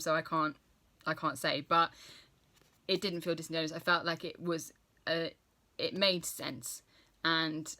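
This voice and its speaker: A woman's voice: fairly low pitch, a bit bright. A young woman chatting casually and enthusiastically about books she has read, often correcting herself mid-sentence. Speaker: book vlogger. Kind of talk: casual book review chat.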